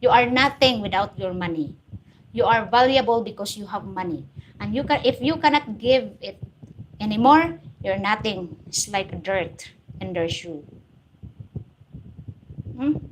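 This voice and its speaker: A woman's voice: mid-range voice, measured pace, long pauses, a little hiss or hum. A woman with a Filipino accent hosting a live stream, blunt and preachy as she answers viewer comments. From Philippines. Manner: blunt, preachy, straight-talking. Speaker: host.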